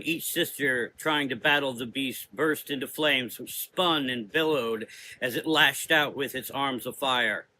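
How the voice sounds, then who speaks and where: Male narrator, mid pitch, bright timbre, steady gothic horror storytelling. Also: slight background noise, low-quality recording. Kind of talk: dramatic audio drama narration.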